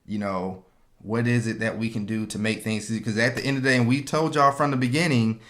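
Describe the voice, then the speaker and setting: A man's voice: mid-range voice, brisk. A man, co-hosting a casual podcast and telling stories, acting out what others said. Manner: animated storyteller, acts out quotes. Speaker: podcast co-host. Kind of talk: casual chat.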